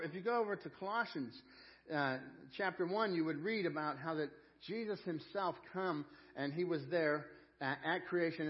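A man preaching a sermon as pastor, earnest, slowing down and repeating phrases for emphasis. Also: high voice, dull audio.

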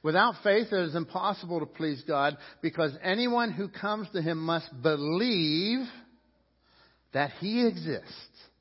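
Male pastor preaching, fairly high voice, long hall reverb, muffled lo-fi sound, dramatic swings in pitch and volume. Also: lively intonation, unhurried, breathy edge. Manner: preaching with big swings of pitch and loudness, acting out crowd voices. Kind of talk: sermon.

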